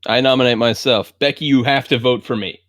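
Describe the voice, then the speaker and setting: A man playing a voice-chat deduction game, joking around in a playful, excitable way. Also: mid-range voice, fairly quick, a little hiss or hum. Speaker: player.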